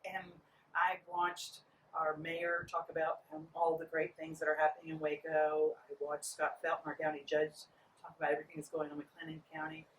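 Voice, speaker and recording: A woman's voice: deep voice, moderate pace, reverberant. A middle-aged woman running for office, speaking earnestly and pleading with listeners in an interview. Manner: earnest, pleading, quotes people in lively voices. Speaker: political candidate. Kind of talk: campaign interview. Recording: distant mic with faint noise.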